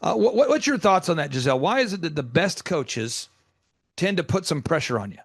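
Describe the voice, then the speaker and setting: A man's voice: fairly high pitch, very animated, a little fast, gravelly, slightly rough, no room sound, studio quality. A man hosting a business coaching show, talking emphatically and rambling through stories with many restarts. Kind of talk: energetic coaching talk.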